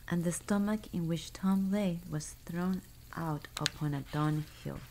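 Woman storyteller, soft ASMR bedtime reading, warm low voice. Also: poor audio. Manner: soft, hushed, unhurried.

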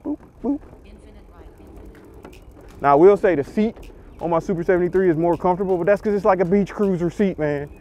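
A man vlogs casually while riding an e-bike outdoors, cracking self-deprecating jokes in loose slang. His voice sits high and dark-toned, and he talks fast. Background music plays under the lo-fi outdoor ride audio.

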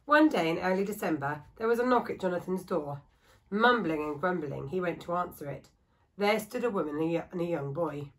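Female reader, storybook read-aloud for children, steady and expressive. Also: deep voice, normal speed, rough recording. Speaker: school staff reader.

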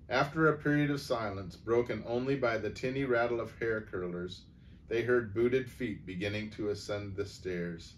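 Low-voiced man reading a funny story. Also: steady tone, moderate pace. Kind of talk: reading a humorous story aloud. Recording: voice from far off the mic, faint noise.

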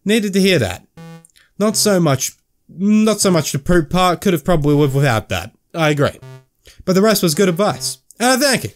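A young man plays through a story game and reads its inner monologue aloud in choppy, broken sentences. His voice is lively and fairly high, and it swoops around as he jokes and swears casually between lines. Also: moderate pace, faint music behind. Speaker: gamer playing and reading a game. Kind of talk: let's play commentary.

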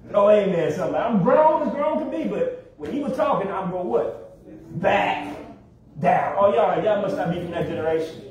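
A man preaching a sermon in a church, with call-and-response and drawn-out emphasis. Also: very high voice, dark tone. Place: church sanctuary. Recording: very echoey hall, distant mic.

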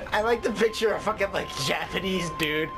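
A gameplay commentator talking loudly and jokingly, swearing often and shouting out names. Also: mid-range voice.

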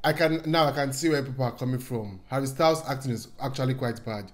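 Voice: mid-range voice, fast. A movie reactor chatting casually and exclaiming through a film.

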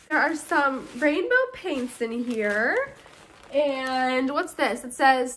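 A bubbly, excitable young woman chatting to her camera as she opens fan mail. Her voice sits high and sounds bright and sharp. She gushes thanks to her viewers. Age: young adult. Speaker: YouTuber opening fan mail. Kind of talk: casual chat to camera.

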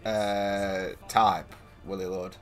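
A man's voice: sits low, level tone, extremely slow, faint music behind. A man, streaming a game and bantering with friends in sweary, teasing talk over a headset. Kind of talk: casual gaming chat.

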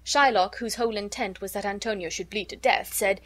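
A woman reading a classic story aloud as an audiobook narrator, in an even, measured way. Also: medium pitch.

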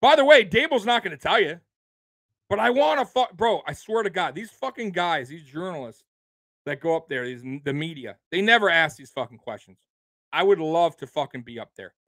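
A man's voice: a little high, fairly bright tone, dry recording. A man hosting a sports show, ranting in casual, heated, profane talk with bursts of incredulous laughter. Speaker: sports podcast host.

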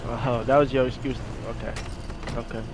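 A man's voice: mid-range voice, level tone, normal speed, background noise. A man in casual role-play banter, teasing his friend in laid-back slang. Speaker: fellow role-play player.

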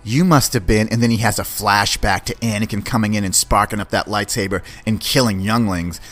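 A man hosting a podcast, giving an excited, slangy, rambling review of a series. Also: on the low side, fairly quick, faint music behind. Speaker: podcast host. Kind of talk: casual film review.

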